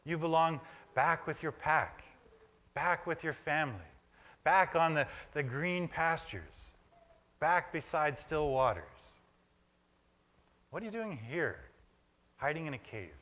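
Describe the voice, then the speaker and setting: Soft and hushed, a man plays a gentle, kind horse whisperer in a whispered role-play. He speaks slowly and soothingly and keeps coming back to the same tender question. His whisper stays bright and clear. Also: on the high side, expressive, in a large hall. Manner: slow, soothing, repeated questions.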